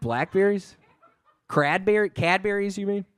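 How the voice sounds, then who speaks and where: A man, a comedian guest on a live stage, bantering in an absurd way, swearing often and bursting into sudden shouts. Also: medium pitch, normal speed, dry recording. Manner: swears a lot and breaks into sudden loud shouting. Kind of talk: absurd deadpan stand-up banter.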